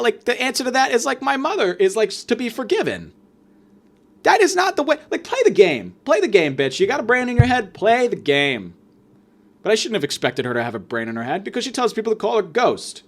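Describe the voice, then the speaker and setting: Animated, profane young man ranting. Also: fairly high pitch. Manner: animated, profane, sarcastic storytelling with quick asides. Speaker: podcast host. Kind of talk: comedic storytelling rant.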